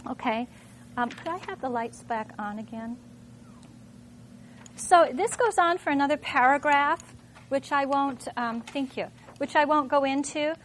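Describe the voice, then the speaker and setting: A woman's voice: sits high, measured pace, slight background noise. A middle-aged woman from Minnesota, a teacher thinking aloud with lots of rhetorical questions while demonstrating to a room. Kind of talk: classroom demonstration talk.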